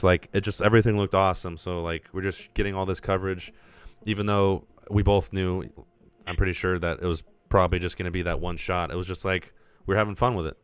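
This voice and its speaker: A man with a very deep voice hosts a podcast in loose, easygoing chat, full of "like" fillers. Faint music sits underneath. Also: smooth, no room sound. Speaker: podcast host and filmmaker. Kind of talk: casual chat.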